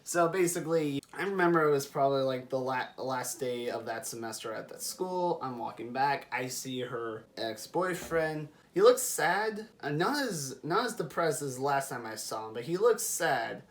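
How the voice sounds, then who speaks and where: A man's voice: mid-range voice, normal speed. A young man vlogging, chatting casually as he tells a personal story and laughing along the way. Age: young adult. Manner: animated, chatty, laughs while telling.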